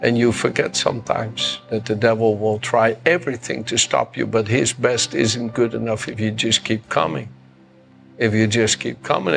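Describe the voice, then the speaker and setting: A man's voice: mid-range voice, vocal fry, a bit bright. An older man preaching a sermon as pastor, impassioned and repeating phrases for emphasis.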